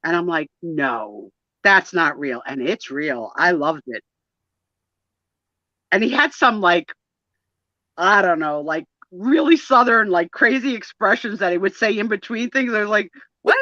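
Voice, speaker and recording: Bright, chatty woman on a live stream. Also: mid-range voice, moderate pace, no room sound, muffled recording. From northeastern US, New Jersey and New York area. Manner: chatty, animated, rambling with many restarts. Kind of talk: casual live-stream chat.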